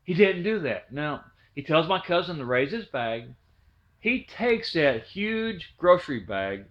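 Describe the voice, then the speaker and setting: A man's voice: a little high, sing-song, unhurried. A man in his fifties from Ohio telling a childhood story in a rambling, folksy way, with many restarts. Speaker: storyteller, channel host. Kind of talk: casual spoken storytelling. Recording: dull lo-fi recording.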